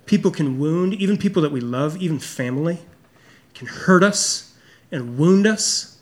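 Middle-aged male pastor with a high-pitched voice, preaching earnestly and personally. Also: animated, unhurried. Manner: earnest, confessional, drops low and soft for emphasis. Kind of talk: sermon.

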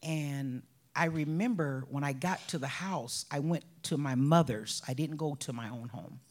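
Woman, bereaved mother, husky voice, emotional personal testimony with soft whispered stretches. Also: low voice, normal speed. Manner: emotional, drops to soft whispers, breaks into laughs.

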